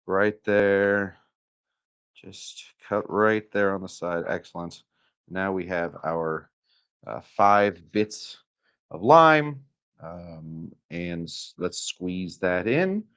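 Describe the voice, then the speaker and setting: A man's voice: deep voice, expressive, very slow, a bit bright, clear, resonant tone. A man from Arizona hosting a casual live cocktail demo from a hotel room, talking in a rambling, chatty way with many fillers. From Arizona, USA. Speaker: cocktail channel host.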